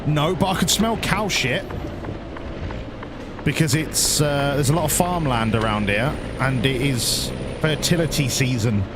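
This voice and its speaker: A man's voice: mid-range voice, a little slow. Chatty British man over road noise. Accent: British English. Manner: chatty, crude, joking, talks to himself. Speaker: streamer playing a truck driving game. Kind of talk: casual rambling commentary. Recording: loud road and engine noise behind.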